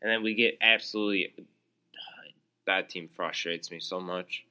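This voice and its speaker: A man's voice: deep voice, fairly even intonation, moderate pace, pushed and bright, clean tone. A young man hosting his own podcast alone, ranting in an exasperated, sarcastic way with lots of fillers and restarts. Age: young adult. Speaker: podcast host.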